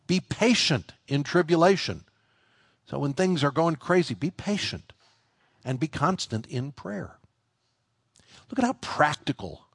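A man's voice: mid-range voice, slightly rough, no echo, clean studio sound. A man preaching a sermon, earnest and plain-spoken, who repeats words as he restarts and climbs to emphatic peaks on key lines. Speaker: pastor.

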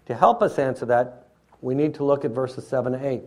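A man's voice: medium pitch, brisk, a little mellow. A man preaching an expository sermon in a teacherly way, often checking in with his listeners.

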